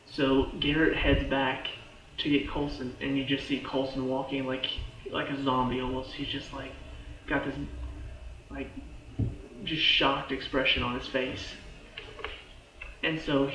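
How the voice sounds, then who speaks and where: A man's voice: medium pitch, little pitch movement, unhurried, long pauses, sharp tone. A man giving a casual, rambling recap of TV episodes as a reviewer, with lots of "like" and restarts. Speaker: TV show reviewer. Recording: echoey room, dull lo-fi sound.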